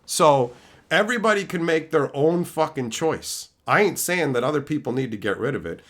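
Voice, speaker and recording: An American man is hosting a livestream, ranting bluntly and cursing nonstop while he answers chat and plays out both sides of an argument. His voice sits a little high, animated and fairly bright, at a moderate pace. It's a casual, profane livestream rant.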